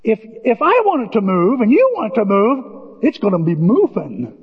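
An older man preaching a sermon as pastor, impassioned, with folksy asides and sudden shouts. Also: high voice, wildly swooping pitch, moderate pace, husky. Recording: dull distant sound with hall reverb.

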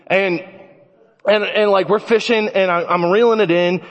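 A man preaching a sermon, telling stories in an animated way. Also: sits high, moderate pace. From Illinois. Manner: animated storytelling. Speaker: pastor. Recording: reverberant church hall.

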